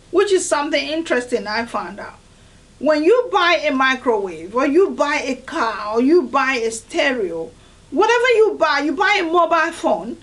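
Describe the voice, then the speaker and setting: High-voiced woman, earnest. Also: a bit bright, low-quality recording. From Nigeria. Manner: earnest, emphatic, repeats "I tell you". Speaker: host of a devotional series. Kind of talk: motivational devotional talk.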